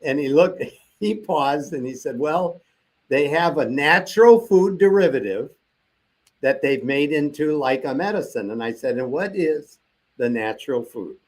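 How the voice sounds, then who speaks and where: Older man telling a lively story. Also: a little high, unhurried. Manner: animated storyteller acting out quoted dialogue. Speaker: interview guest. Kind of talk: storytelling in a casual interview.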